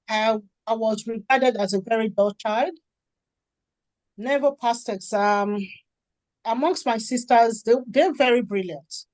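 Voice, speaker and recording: A middle-aged woman from Nigeria, a charity founder and author, talking in an interview and acting out the dialogue in her stories with lively energy. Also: on the high side, a little slow, dry recording. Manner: animated storytelling, acts out quoted dialogue. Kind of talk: conversational interview.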